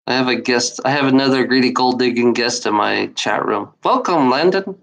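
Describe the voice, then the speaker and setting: A man's voice: medium pitch, steady tone, fairly quick, creaky, fairly bright tone, poor audio. A man livestreaming alone, ranting at his chat trolls in a scornful, profane, repetitive way. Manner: profane, scornful, repeats himself, talks back to chat. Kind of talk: rambling livestream rant.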